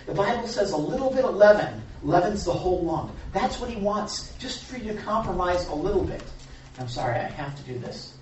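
An animated preacher leading a casual Bible study, repeating points and dropping jokes. The voice swings widely in pitch. It is picked up from far off in a very echoey room with a faint hiss. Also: brisk. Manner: animated, repetitive, jokey asides. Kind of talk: informal sermon.

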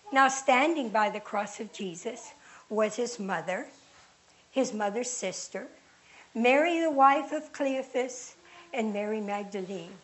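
A woman reading scripture aloud in a slow, measured, deliberate way. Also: a little high, rough recording. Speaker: reader.

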